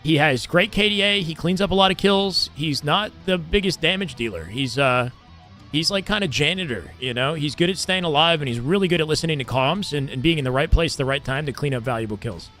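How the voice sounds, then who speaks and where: A man's voice: fairly high pitch, a little fast, sharp tone, soft background music. A young man from Canada, casually commentating game scrims on a live stream and reading chat in a laid-back, chatty way.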